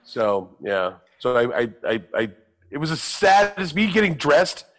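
A man's voice: medium pitch, sing-song, a little slow, a bit bright. A middle-aged man casually telling a self-mocking, profane story on a talk show, acting out the other people's lines. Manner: profane, self-mocking, acts out quoted voices.

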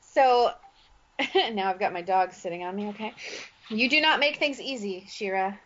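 A woman's voice: mid-range voice, normal speed. Laughing, chatty woman telling a story. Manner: animated storytelling with frequent laughs. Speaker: podcast co-host. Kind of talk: casual chat. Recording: dull lo-fi audio.

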